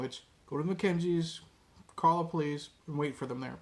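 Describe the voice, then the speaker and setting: Guy rambling through a movie review, kinda high voice, lots of ums. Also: fairly quick. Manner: rambling, many ums and restarts, quotes lines in a low voice. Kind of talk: casual spoken movie review.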